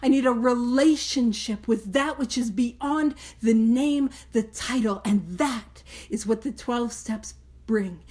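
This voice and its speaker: A woman's voice: a little high, takes it slowly, a little mellow. A woman hosting a study podcast, talking earnestly and emphatically with playful asides. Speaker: podcast host leading a study group. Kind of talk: casual study talk.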